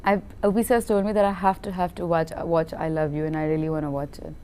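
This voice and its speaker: A woman actress, telling stories in an animated, laughing interview chat and often repeating words. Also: low-pitched, quick pace, slight background noise. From India. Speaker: film actress.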